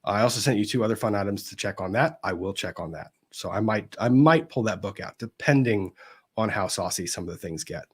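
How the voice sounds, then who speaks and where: A man hosting a casual live stream, reading viewers' greetings aloud in a chatty way, his pitch swinging up and down as he goes. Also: brisk, breathy edge. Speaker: livestream host of a legal commentary show.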